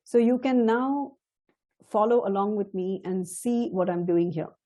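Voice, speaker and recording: A middle-aged woman teaching a chant, explaining slowly and carefully, now and then laughing softly. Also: mid-range voice. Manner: slow, measured and explanatory, with soft laughs. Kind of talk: spoken lesson with chanted demonstrations.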